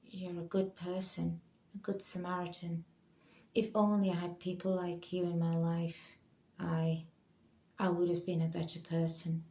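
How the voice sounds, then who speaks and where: A woman voicing a lonely, troubled young man, quiet and weary. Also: high-pitched, flat delivery, a little slow. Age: young adult. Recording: roomy echo.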